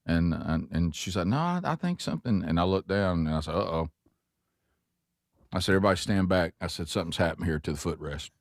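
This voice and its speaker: A man's voice: sits low, steady tone, fairly quick, no echo, studio quality. A man hosting a show, telling a long, rambling, self-mocking story with many restarts. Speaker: host. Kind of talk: casual chat, storytelling.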